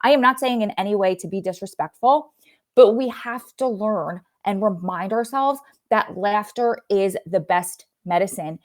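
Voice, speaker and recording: A woman's voice: medium pitch, moderate pace. A young woman hosting a casual livestream chat, chatty and rambling, sometimes losing her train of thought. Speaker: livestream host.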